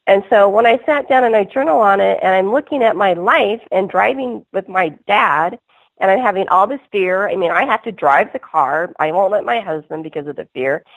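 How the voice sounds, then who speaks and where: A woman's voice: mid-range voice, normal speed, dry recording. A woman guest on a call-in radio interview, telling her story earnestly in a rambling way, full of restarts. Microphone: phone. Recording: tinny phone line.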